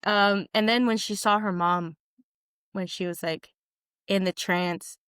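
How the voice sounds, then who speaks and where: A young woman co-hosting a podcast in casual chat, animated and jokey, acting out quotes. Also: mid-range voice, a little slow, clean tone, no room sound, studio quality. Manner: animated, jokey, calls co-host "friend", acts out quotes. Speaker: podcast co-host.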